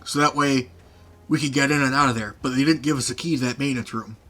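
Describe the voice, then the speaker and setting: A man's voice: medium pitch, fairly even intonation, quick pace, bright, forceful tone. A young man casually telling funny stories from his past, rambling with fillers and laughing often. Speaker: podcast host. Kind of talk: casual storytelling chat.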